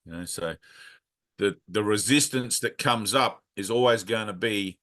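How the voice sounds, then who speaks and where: A man's voice: lowish voice, measured pace, fairly bright tone. A man leading a casual spiritual talk, speaking bluntly and frankly, swearing freely, and wandering through asides. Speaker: spiritual teacher leading a satsang.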